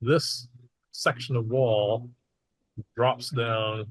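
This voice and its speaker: A man serving as game master in a tabletop game, describing scenes in a relaxed, matter-of-fact way. His voice sits at a middle pitch. The room sound is dry, with no echo. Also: very slow. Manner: relaxed, matter-of-fact narration with small asides.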